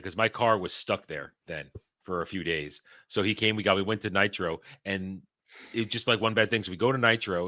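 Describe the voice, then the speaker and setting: A man casually telling a story as a podcast host, profane and animated, with frequent restarts. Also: fairly low pitch, no room sound.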